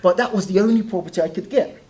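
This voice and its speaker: Animated man telling stories. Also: high-pitched, fast talker. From South East London. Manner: animated, laughs often while telling stories. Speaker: guest. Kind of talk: casual interview storytelling.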